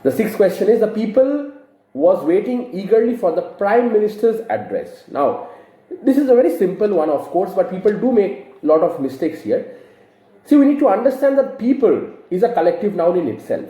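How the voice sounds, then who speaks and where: A man teaches grammar, patiently walking through each example and quizzing his viewers. His fairly high voice is mellow and rises and falls in a lively way. The room around him adds a noticeable echo. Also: normal speed. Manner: explains patiently, asks rhetorical questions. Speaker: English teacher. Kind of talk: grammar lesson to camera.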